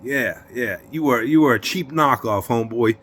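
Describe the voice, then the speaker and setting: A middle-aged man, telling a story in an interview in streetwise slang, emphatic and animated. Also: mid-range voice, normal speed, slight background noise. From New York.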